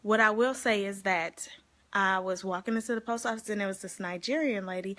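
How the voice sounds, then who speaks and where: A woman vlogging casually to her viewers, giving life advice in an animated, chatty way and laughing often. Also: medium pitch, quick pace. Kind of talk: casual talk to camera.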